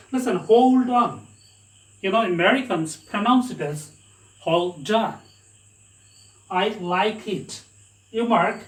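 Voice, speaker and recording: A man with an Indian English accent teaches pronunciation in a high voice at a slow, careful pace. He spells out each rule, repeats the example words and quizzes the listener. He sits some way off the mic in a room with a noticeable echo. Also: recorded from a distance. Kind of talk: pronunciation lesson. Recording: roomy echo, away from the mic.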